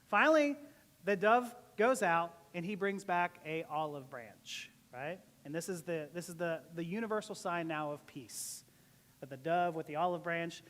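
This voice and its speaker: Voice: mid-range voice, a bit bright, long reverb tail. A pastor giving a casual, joking sermon to a church, often laughing between points. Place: church service.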